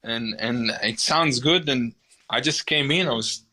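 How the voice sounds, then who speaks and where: A chef in his forties with an Israeli accent tells his story as a podcast guest in a casual interview. His mid-range voice is unhurried yet animated, and he often repeats words as he restarts.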